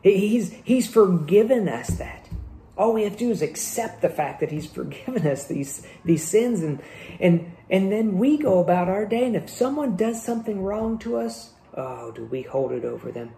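Male pastor, conversational sermon delivery; gravelly tone, roomy church-hall sound. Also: sits high, lively intonation, normal speed, mellow, a little hiss or hum. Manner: conversational preaching with rhetorical questions. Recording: echoey room.

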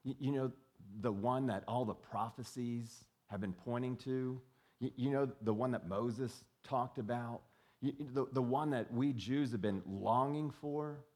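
A man doing a hushed, excited young disciple. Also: medium pitch, unhurried, natural voice. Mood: hushed excitement. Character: eager young male disciple sharing big news.

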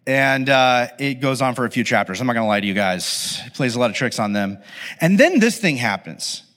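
A man preaching a conversational, animated sermon with casual asides to his listeners. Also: medium pitch, a little fast. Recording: long hall reverb.

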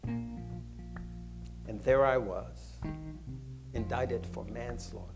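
An older man from Washington, D.C., recalling his past in a measured, reflective way. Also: medium pitch, steady tone, over music. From Washington, D.C., USA. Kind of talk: personal recollection.

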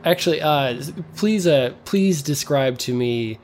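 A man narrating a tabletop game as game master, relaxed and chuckling, with frequent fillers. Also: fairly high pitch, measured pace, a little hiss or hum.

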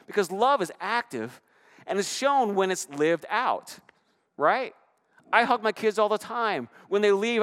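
Guy pastor giving a sermon, lively storyteller, gets loud then goes quiet. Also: on the high side. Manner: animated storytelling, swings from loud to hushed.

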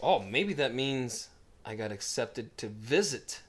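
A man's voice: medium pitch, lively intonation, slow, fairly bright tone, a little hiss or hum. A man hosting a podcast, reading a letter aloud in casual chat, swearing and laughing often. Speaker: podcast host.

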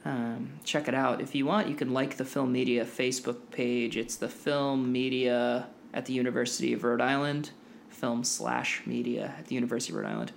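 An easygoing young man co-hosts a casual film podcast, often laughing mid-sentence. His voice sits in a middle pitch, with faint background noise. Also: fairly even intonation, moderate pace, creaky. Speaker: podcast co-host.

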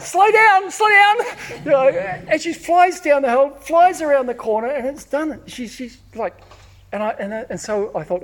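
A man preaching a sermon, telling personal stories in an animated way, acting out shouts and often repeating words. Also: sits high. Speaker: pastor.

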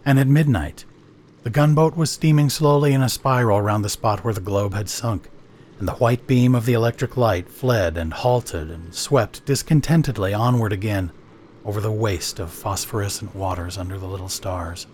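A man narrating an audiobook story in an expressive storytelling manner. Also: on the low side, normal speed, a little hiss or hum.

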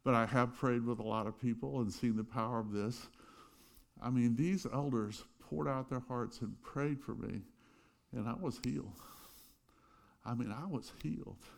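A middle-aged man preaching a sermon, telling stories with loud bursts and quiet asides. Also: mid-range voice, normal speed, creaky. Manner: animated storytelling, swings between loud bursts and quiet asides. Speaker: pastor.

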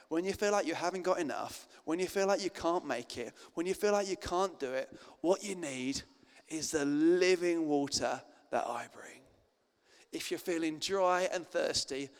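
A male pastor giving an informal, chatty sermon with fillers and restarts. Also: on the high side. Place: church meeting hall. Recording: long reverb in a hall.

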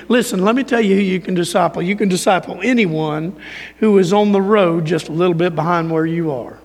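A man preaching a sermon as a pastor, rising to emphatic points and dropping to quiet, low asides. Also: brisk, long reverb tail. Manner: preaching with swings from raised emphasis to quiet near-murmur.

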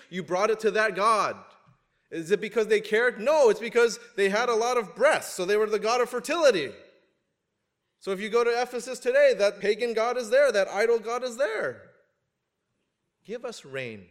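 A male pastor preaching a sermon, animated and joking at times, swinging up to loud emphasis. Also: high voice. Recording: long hall reverb.

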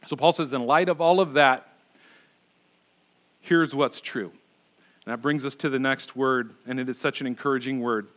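A man's voice: mid-range voice, fairly even intonation, moderate pace, pauses often, a bit bright. A man preaching as a pastor, conversational and emphatic, asking his listeners rhetorical questions. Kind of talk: sermon.

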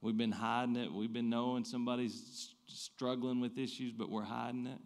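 A man, preaching a sermon. He swings between loud emphatic bursts and quiet low asides, and often restarts his phrases. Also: level tone, brisk. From American South. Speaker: pastor.

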